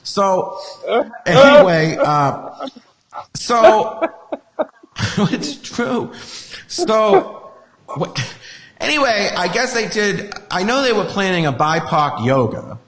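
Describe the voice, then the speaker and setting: A man's voice: sits high, big pitch swings, slow pace, long pauses, fairly bright tone, long reverb tail. A man hosting a casual podcast chat, ranting in a profane, sarcastic way. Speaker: host.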